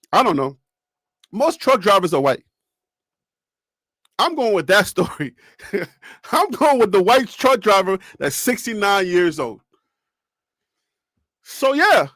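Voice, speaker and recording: A man with a strikingly high voice runs a loose sports talk segment. He rambles, jokes and keeps turning to the audience with rhetorical questions. The sound is dry and close. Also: a bit bright, no echo. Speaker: sports talk show host. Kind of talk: casual sports talk commentary.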